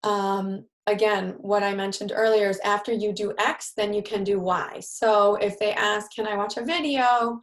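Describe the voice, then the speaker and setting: A woman's voice: medium pitch, flat delivery, a little slow, few pauses. A woman with a New York accent leading a live-streamed parenting workshop, talking conversationally and acting out example phrases for parents to say to children. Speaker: parenting group leader.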